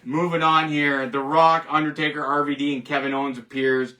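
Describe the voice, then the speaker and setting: Jokey man host, bright voice, distant mic. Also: on the high side, little pitch movement, brisk. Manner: jokey and rambling, laughs at his own jokes. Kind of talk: casual solo wrestling commentary.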